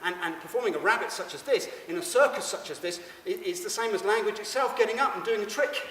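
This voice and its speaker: Male stage performer, stammering absurd monologue; higher voice, distant mic, reverberant venue. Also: fast, a bit bright. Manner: rambling, stammering, addresses the audience. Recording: echoey hall, mic far off.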